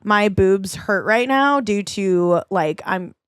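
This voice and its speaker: A woman's voice: medium pitch, slow pace, clean tone, no room sound, studio quality. A young woman co-hosting a podcast in casual, bubbly chat, often acting out what other people said. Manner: bubbly, animated, puts on voices for quoted people. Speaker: podcast co-host.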